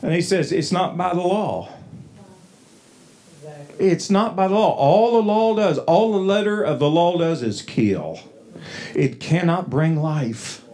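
An American man preaching a sermon from the pulpit, folksy, with frequent restarts and loud, emphatic passages. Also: on the high side. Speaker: pastor. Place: church sanctuary.

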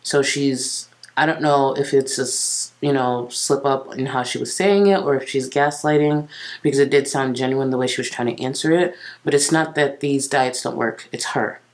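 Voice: medium pitch, fairly even intonation, moderate pace. A reaction host giving casual, blunt and critical commentary over a clip.

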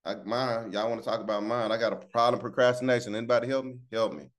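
A man hosting a morning devotional over a video call, speaking with upbeat, preacher-like energy. He calls out to listeners by name and pushes them to share. His voice sits at an ordinary middle pitch. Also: steady tone, fast. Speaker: morning show host.

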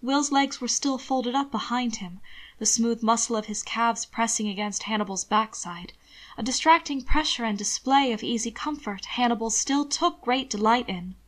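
A woman narrating fan fiction aloud in a soft, steady storytelling manner. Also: on the high side, moderate pace.

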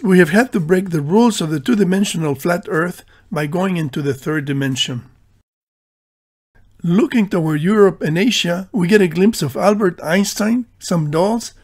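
A man with a notably high voice narrates a scripted voice-over. His delivery is dry and deadpan and keeps a tongue-in-cheek tone. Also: breathy edge. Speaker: video narrator.

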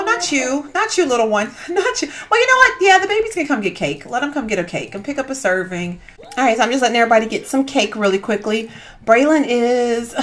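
A woman, chatting casually over a video game and cooing at the characters on screen. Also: on the high side. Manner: chatty and animated, coos at the babies, says "y'all" and "ain't". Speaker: gaming YouTuber. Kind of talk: casual gameplay commentary.

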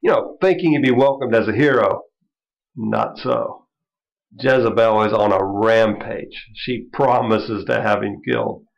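A man teaching a Bible study in a loose, conversational style, with many asides and light chuckles. His voice is gravelly, and the recording sounds dull and lo-fi. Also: fairly low pitch, measured pace. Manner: conversational, chuckling, lots of "you know". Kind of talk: informal Bible lesson.

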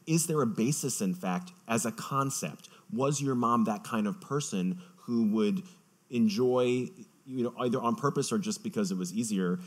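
A man moderating an onstage author interview at a festival, asking long, measured questions. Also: medium pitch. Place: festival stage.

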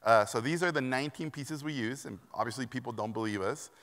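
A man's voice: medium pitch, quick pace. A middle-aged man from Mexico giving a self-deprecating conference keynote, telling stories and acting out the voices of people in them. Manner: animated, self-deprecating, acts out quoted voices. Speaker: keynote speaker. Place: conference hall. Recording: long reverb of a large hall.

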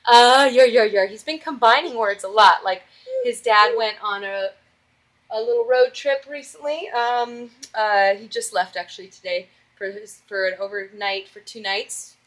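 A woman's voice: mid-range voice, moderate pace, a bit bright. A young woman vlogging casually at home as a mom, chatty and doting, often stopping to coax her toddler.

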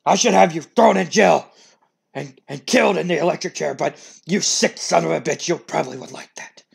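A man voicing an outraged wrestling company boss, yelling in a raised, higher voice. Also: measured pace, creaky, slightly rough, heavily acted. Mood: furious. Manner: shouting, outraged, higher-pitched delivery. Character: furious grieving male wrestling company boss.

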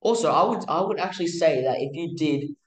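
A man teaching music theory in a casual, halting way, with many fillers and restarts. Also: a little high, animated, echoey room, low-quality recording. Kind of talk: casual explanatory lesson.

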